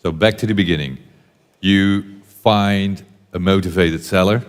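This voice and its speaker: A man's voice: deep voice, fairly even intonation, a little slow, clear, resonant tone. A man interviewing a speaker, asking short questions. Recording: reverberant hall.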